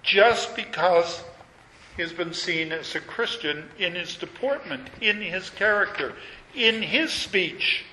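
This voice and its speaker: A man preaching a sermon, measured and emphatic, leaning on repetition. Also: high-pitched, sharp tone. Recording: echoey hall with long reverb.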